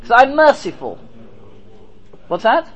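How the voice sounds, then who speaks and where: A man's voice: very high voice, wildly swooping pitch, a little slow, dull audio. A man teaching a Torah class as a rabbi, speaking emphatically, asking and answering his own rhetorical questions, and dropping in Hebrew and Yiddish terms.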